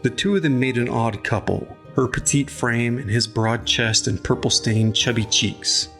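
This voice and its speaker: A man narrating an audiobook chapter in a measured, even storytelling manner. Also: medium pitch, gravelly, soft background music.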